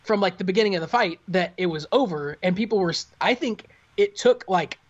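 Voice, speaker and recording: A man who is a guest on a casual podcast, calling in over video from home. He tells stories in an animated way and swears casually. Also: high-pitched, brisk. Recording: dull lo-fi audio.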